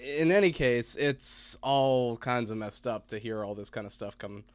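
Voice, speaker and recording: A man's voice: medium pitch, moderate pace, clean tone. Man musing in casual podcast chat.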